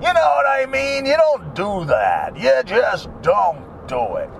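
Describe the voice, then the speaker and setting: A man's voice: high-pitched, huge pitch swings, slow, vocal fry, a little hiss or hum. A middle-aged man chatting casually while driving, rambling from topic to topic and grumbling at other drivers. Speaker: vlogger. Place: in a car.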